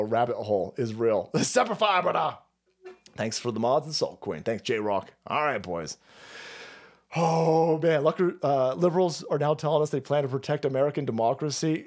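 A middle-aged man hosting a livestream, rambling in casual, profane, self-mocking chat. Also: a little high. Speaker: livestream host.

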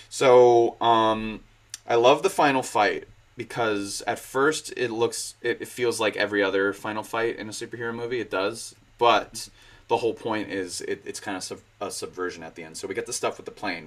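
A man in his twenties hosting a casual movie discussion, excitable, with bursts of laughter. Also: on the low side. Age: 20s. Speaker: podcast host.

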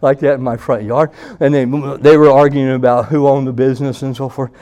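A man preaching at a church meeting, telling a story and acting out the voices of the people in it with loud bursts. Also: medium pitch, a little fast. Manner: animated, acts out quoted voices loudly. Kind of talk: sermon with storytelling.

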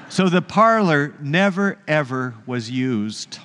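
A male pastor delivering a sermon, telling a story in an earnest, measured way. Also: fairly high pitch, expressive, in a large hall.

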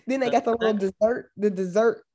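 A woman with a dark, mellow voice, chatting casually as she recaps a film on a podcast. She sounds laid-back and talkative. She drops in quick, dry asides as she goes. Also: a little high. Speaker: podcast co-host. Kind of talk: casual chat recapping a movie.

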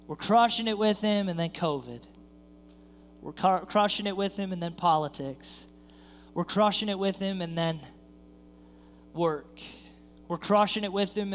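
A man with a high voice preaches a sermon, telling a story and playing out the people in it as his energy builds. The sound carries a long reverb from a large church hall. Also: slight background noise. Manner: storytelling, acts out quoted voices, builds in intensity. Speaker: pastor. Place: church sanctuary.

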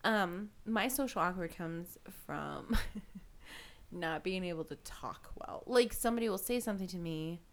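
A woman's voice: lowish voice, lively intonation, measured pace. A woman in her thirties co-hosting a casual chat, rambling and self-deprecating, laughing often. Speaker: podcast co-host.

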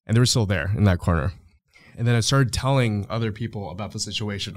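A man's voice: fairly low pitch, fast talker, dry recording. A man telling a story on a podcast in a loose, rambling way, full of fillers, now and then acting out other people's voices. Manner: rambling, filler-heavy, acts out quoted voices. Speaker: podcast guest. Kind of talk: casual storytelling.

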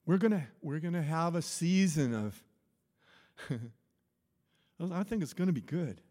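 A pastor with a slightly high voice and a warm tone preaches slowly, delivering an informal sermon full of conversational stories. He often restarts his phrases and chuckles, and the recording carries a long hall reverb.

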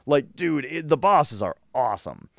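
A man in a casual podcast chat who rambles excitedly, with lots of fillers and restarts. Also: fairly high pitch, normal speed, gravelly, no room sound, studio quality. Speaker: podcast co-host.

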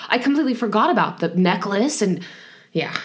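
A woman co-hosting a casual film review chat, animated and teasing, laughing often. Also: mid-range voice, fairly quick. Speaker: podcast co-host.

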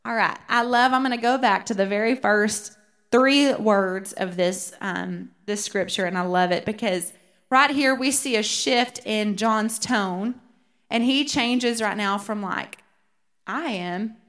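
A woman teaching a Bible study, rereading verses slowly and earnestly. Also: mid-range voice, a bit bright.

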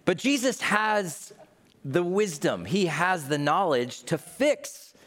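A man preaching a sermon in a lively, joking way, acting out quoted voices. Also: high voice, slow pace. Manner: animated, jokey, acts out voices. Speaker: pastor.

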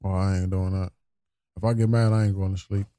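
A man's voice: low voice, level tone, brisk, dark tone, no echo, studio quality. A man co-hosting a casual podcast chat, laid-back and slangy. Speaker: co-host.

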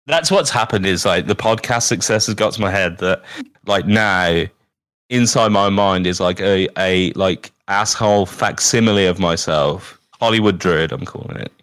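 A man's voice: sits low, normal speed, a bit bright, no echo, clean studio sound. A British man co-hosting a podcast, rambling and self-deprecating, swearing often. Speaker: podcast co-host. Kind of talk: casual podcast chat.

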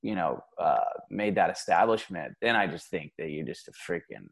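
Gravelly low-voiced chatty man. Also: lively intonation, moderate pace, a bit bright. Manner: chatty, laid-back, slangy. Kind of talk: casual conversation.

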